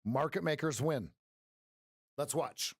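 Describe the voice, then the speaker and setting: A man's voice: a little high, slow, husky, no room sound, studio quality. A man hosting a live trading stream, chatting casually and joking with viewers, laughing often.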